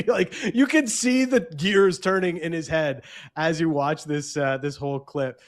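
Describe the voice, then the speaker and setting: A man co-hosting a sports podcast in casual chat, animated and quick to slip into mock voices. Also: fairly high pitch. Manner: animated, slips into mock voices when quoting others. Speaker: podcast co-host.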